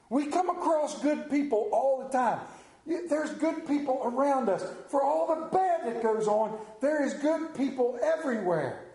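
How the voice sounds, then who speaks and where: A man preaching a folksy storytelling sermon, animated, then dropping low and slow for emphasis. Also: roomy sound.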